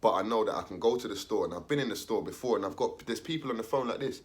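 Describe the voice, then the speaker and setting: A man's voice: fairly low pitch, rapid-fire, hardly any pauses. A young man, talking casually in street slang, ranting his opinion and acting out the voices of others. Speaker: commentator.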